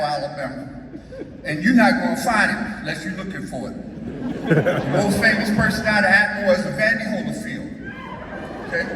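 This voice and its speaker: High-voiced man telling stories in an echoey hall. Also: a bit bright. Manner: folksy, emphatic, asks "Okay?". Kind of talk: storytelling speech. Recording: echoey hall, speaker far from mic, faint noise.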